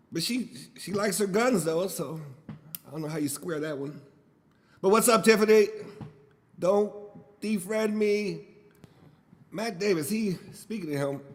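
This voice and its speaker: A man whose first language is Spanish talks through a casual solo podcast from home, loose, profane and full of jokes. His voice sits at an ordinary middle pitch. The room gives it a long, hanging reverb. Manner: loose, profane, joking and rambling. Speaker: podcast host.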